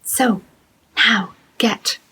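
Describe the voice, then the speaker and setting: A middle-aged Irish woman runs a children's writing lesson at a gentle, slow pace. Her voice is soft and breathy. She asks encouraging questions and reads poems aloud with care. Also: fairly high pitch, poor audio. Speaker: children's writing workshop presenter.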